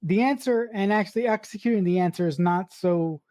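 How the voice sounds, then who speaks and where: Earnest woman with a mellow voice. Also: medium pitch, fairly quick, dry recording, studio quality. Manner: earnest and reflective, with restarts. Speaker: podcast co-host. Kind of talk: casual film discussion.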